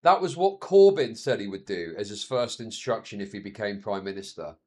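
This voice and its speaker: A man's voice: on the low side, a little fast. A man in his thirties chatting casually on a live stream, telling stories with frequent laughs and swearing. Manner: chatty, laughs often, swears, animated storytelling.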